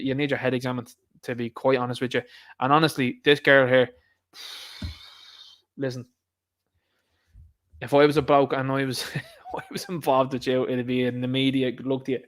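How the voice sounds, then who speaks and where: An Irish man ranting through a casual commentary, his voice sitting a touch higher than most men's. He talks in a sarcastic, mocking and exasperated way. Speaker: political commentator.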